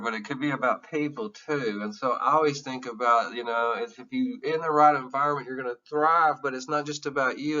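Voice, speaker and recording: A man's voice: mid-range voice, bright, forceful tone, far from the mic, muffled recording. A man giving an emotional, earnest classroom lecture, candid and sometimes swearing. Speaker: teacher.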